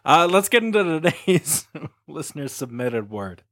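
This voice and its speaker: Male podcast host, casual comedy chat, animated and quick to laugh, wide swings in pitch.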